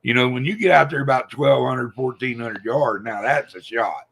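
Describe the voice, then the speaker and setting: A man's voice: mid-range voice, normal speed, vocal fry, fairly bright tone, slightly rough. A man telling a hunting story in casual chat, folksy and repetitive. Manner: folksy storyteller, acts out quoted people.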